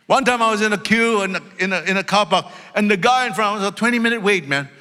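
High, bright-voiced preaching man. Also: quick pace, few pauses. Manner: emphatic, loud, swings between shouting and low storytelling asides. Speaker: pastor. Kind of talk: preaching a sermon. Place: church sanctuary. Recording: long reverb of a large hall.

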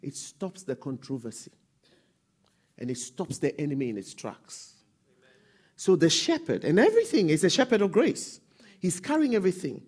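A man preaching a sermon as pastor, calling on the congregation to respond and rising to shouts. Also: sits high, sing-song, moderate pace, long pauses, husky.

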